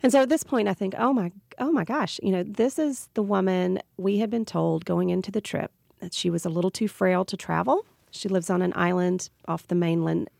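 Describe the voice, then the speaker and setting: A woman's voice: on the low side, a little fast, gravelly, few pauses, a little mellow, no echo, clean studio sound. A woman with a Southern US accent, a radio interview guest telling a personal story earnestly and reflectively. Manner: earnest, reflective, with small restarts.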